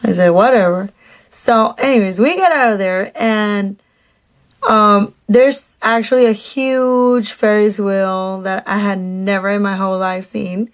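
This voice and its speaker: A woman's voice: medium pitch, a little slow. A woman telling a casual storytime about a date, chatty and sarcastic, with lots of fillers and asides.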